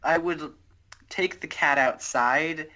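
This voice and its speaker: A man's voice: fairly high pitch, slow, sharp tone. A young man on a podcast call, telling a scattered, self-correcting story over a handheld device. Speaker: podcast co-host. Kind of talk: casual chat. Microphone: talking through a handheld device on a call.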